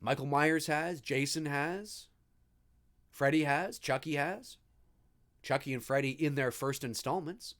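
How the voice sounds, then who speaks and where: A man hosting a live movie commentary, talking in an animated, enthusiastic and rambling way. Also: on the high side, unhurried. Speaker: host.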